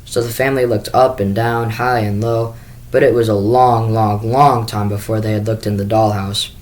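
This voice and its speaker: A man's voice: on the low side, fairly even intonation, moderate pace, a little mellow, low-quality recording. Man reading a children's book aloud. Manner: first-person storytelling with small restarts. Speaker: school staff reader.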